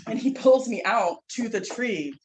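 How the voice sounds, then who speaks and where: Woman instructor, chatty and animated storyteller, slightly off-mic with light background hiss. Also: on the high side, unhurried, rough recording. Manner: lively, rambling, with restarts and frequent "like". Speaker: herbal instructor and guest speaker. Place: classroom, speaking away from the mic.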